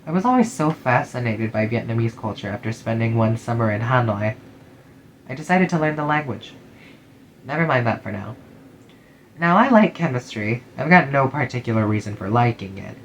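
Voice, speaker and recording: A man's voice: medium pitch, animated, normal speed, slight background noise, poor audio. A man reading a first-person story in a casual, sarcastic way, swearing freely. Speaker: narrator.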